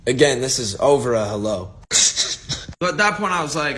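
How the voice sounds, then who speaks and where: A man in a casual video monologue who tells his side of a story in an animated, mocking way and laughs it off. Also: medium pitch, normal speed.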